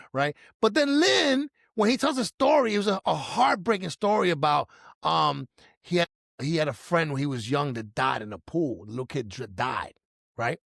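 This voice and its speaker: A middle-aged man telling a personal story in casual chat, animated and acting out his own nervous moments. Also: a little high, creaky, no room sound, clean studio sound. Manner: animated, acts out his own past panic in quotes. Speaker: storyteller guest.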